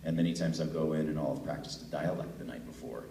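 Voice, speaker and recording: Very deep male voice, middle-aged, chatty panel storyteller, roomy hall heard from far off with long reverb. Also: fast, creaky, mellow. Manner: chatty, laughs easily, acts out voices. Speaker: voice actor, convention panel guest. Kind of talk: relaxed storytelling answer to a fan. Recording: echoey hall from far off, faint noise.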